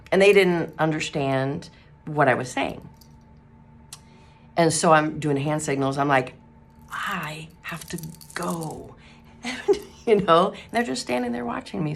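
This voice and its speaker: A woman's voice: lowish voice, vocal fry. A middle-aged woman giving a casual devotional talk, telling a story in a chatty way with laughter and acted-out quotes. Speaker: Christian radio host and ministry speaker.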